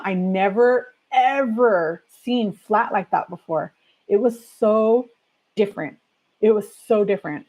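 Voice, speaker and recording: A woman's voice: fairly high pitch, expressive, unhurried, darkish tone, highs cut off. A woman hosting a casual chat stream. She reads aloud, reacts with strong opinions, laughs often and talks straight to her viewers. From California. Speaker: livestream host.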